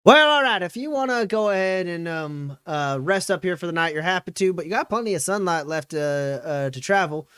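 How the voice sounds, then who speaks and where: A man's voice: high-pitched, animated, a little fast, hardly any pauses, a bit bright, clear, resonant tone, no echo, studio quality, voice pushed up. A man voicing a gracious old woman innkeeper in her seventies, folksy and hospitable.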